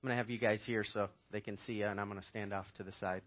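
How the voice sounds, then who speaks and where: A man's voice: fairly low pitch, fairly even intonation, rapid-fire. A man preaching and then hosting a church panel in an earnest, conversational way. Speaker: pastor. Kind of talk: sermon and panel moderation. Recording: dull dry sound.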